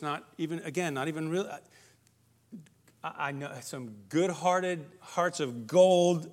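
A middle-aged man giving a plain-spoken, emphatic talk to parents, often repeating words as he goes. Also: mid-range voice. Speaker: speaker on parenting. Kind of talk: preaching-style talk to parents.

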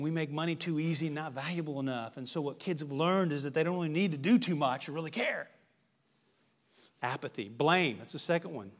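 A middle-aged man giving a plain-spoken, emphatic talk to parents, often repeating words as he goes. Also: a little high. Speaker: speaker on parenting. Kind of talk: preaching-style talk to parents.

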